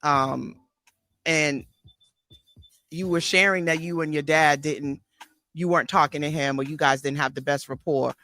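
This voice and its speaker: A woman's voice: low voice, fairly even intonation, measured pace, pauses often, a bit bright. A woman therapist and host recalling a past conversation in a reflective, thoughtful way, with restarts. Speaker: therapist and life coach, host. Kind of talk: casual conversation.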